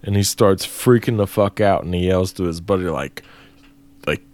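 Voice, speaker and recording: A man's voice: deep voice, moderate pace, darkish tone. A man co-hosting and editing a podcast, chatting casually, swearing freely and laughing a lot. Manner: laid-back, profane, laughs often. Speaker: podcast co-host and editor. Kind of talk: casual chat.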